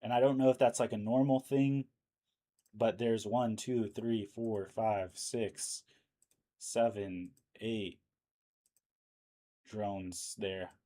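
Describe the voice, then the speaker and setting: Hoarse man rambling through live news. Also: fairly low pitch, steady tone, slow, long pauses, warm tone. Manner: rambling, thinking aloud with fillers. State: losing his voice. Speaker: livestream news host. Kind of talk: casual live commentary.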